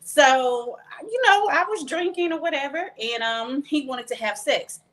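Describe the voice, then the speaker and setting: A woman's voice: high voice, lively intonation, unhurried, a bit bright. A woman from Texas speaks as a guest on a podcast, telling her own story. Her delivery is candid and plain-spoken, and she slips into the voices of the people in the story as she goes. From Texas, USA.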